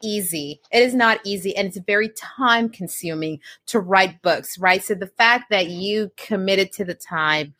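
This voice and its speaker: A woman's voice: medium pitch, a little slow, few pauses, bright, forceful tone. A woman hosting an interview, affirming and encouraging her guest. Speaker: podcast interviewer.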